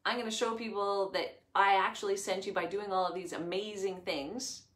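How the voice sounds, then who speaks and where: A woman's voice: medium pitch, steady tone, moderate pace, fairly bright tone, roomy sound, close to an everyday voice. A woman voicing a patient, commanding God. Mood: reassuring. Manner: patient, reassuring instructions. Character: calm, patient, commanding divine voice.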